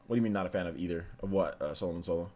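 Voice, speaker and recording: A young man chatting casually on a live stream, animated and quick to laugh, often repeating himself as he reads chat. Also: low voice. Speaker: streamer reacting and reading chat.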